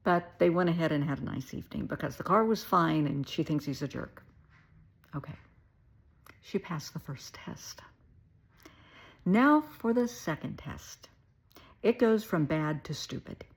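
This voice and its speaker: Gravelly, husky Southern woman therapist. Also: lowish voice. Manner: animated, emphatic storytelling with wry asides. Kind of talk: storytelling advice video.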